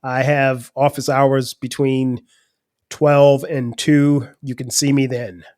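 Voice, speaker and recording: A man's voice: medium pitch, flat delivery, darkish tone, no echo, studio quality, natural voice. A man doing a formal, polite teacher. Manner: measured, proper diction.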